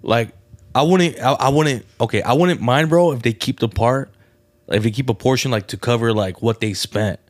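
A man co-hosting a podcast, talking in animated slang, saying bro a lot and swearing. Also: mid-range voice, normal speed, no echo. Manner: animated, slangy, says bro constantly, profane. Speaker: podcast co-host. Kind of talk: casual chat.

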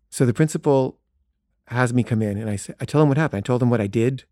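A man's voice: medium pitch, fast, warm tone, dry recording. Man spinning a self-deprecating true story, loose and chatty, dry close sound. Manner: casual, self-deprecating, frequent "like" fillers. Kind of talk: comic personal storytelling.

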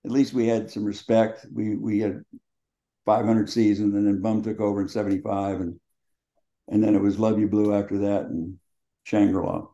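An older man in his seventies speaks with a low, warm, mellow voice. He tells colorful, salty stories from his playing days as an interview guest. The sound is dull and lo-fi. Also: level tone, moderate pace. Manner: colorful, profane, laughing anecdotes. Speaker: guest, former quarterback. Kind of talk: storytelling in casual conversation.

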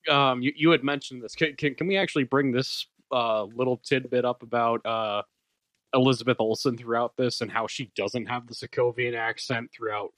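A man's voice: mid-range voice, steady tone, normal speed, a bit bright, no echo, low-quality recording. A man in a casual chat who rambles and fills his talk with "like".

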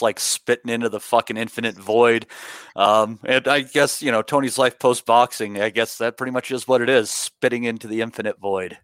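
Bright sardonic man, dry close sound. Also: mid-range voice, clear, resonant tone, no room sound. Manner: sardonic, sweary banter. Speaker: podcast co-host. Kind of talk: casual podcast chat.

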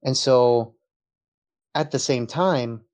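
A man with a light Texan accent talks casually as a podcast guest. His voice sits at an ordinary middle pitch, and he tells long stories with easy laughter breaking through. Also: slow pace, a little mellow. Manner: laughs often, storytelling.

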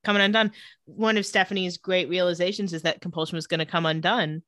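A woman's voice: on the low side, quick pace, dry recording. A woman co-hosting a casual podcast, recapping an episode with lots of laughter and playful asides. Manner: lively, giggly, acts out quoted lines.

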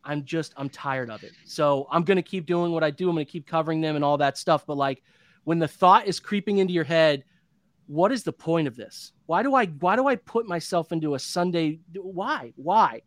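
A man's voice: a little high, fairly quick, no echo. A man in his thirties hosting a postgame sports show, venting in an impassioned, repetitive rant. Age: 30s. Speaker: podcast host.

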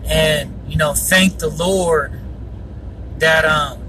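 This podcast host, whose voice is fairly high, drags out his words as he rambles earnestly about faith, filling gaps with fillers and yawning often. The audio is noisy, and he's well away from the microphone.

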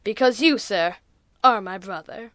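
A woman's voice: mid-range voice, fairly bright tone, no echo, studio quality, close to an everyday voice. A woman voicing a brash, eager young male space hero who jokes and acts on impulse. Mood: playful. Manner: eager, impulsive, quick to joke.

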